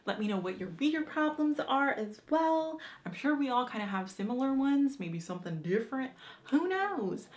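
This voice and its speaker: A young woman chats through a book tag on her vlog, lively and informal. She talks with plenty of slang and drops the occasional swear word. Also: fairly high pitch, moderate pace. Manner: chatty and animated, with slang and swearing. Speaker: book vlogger. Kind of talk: casual chat answering a book tag.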